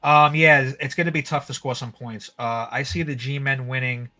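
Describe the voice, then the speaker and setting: On a sports podcast, a male co-host with a mid-range voice talks football at a normal pace, casual and excitable, dropping slang like "yo" and "bro."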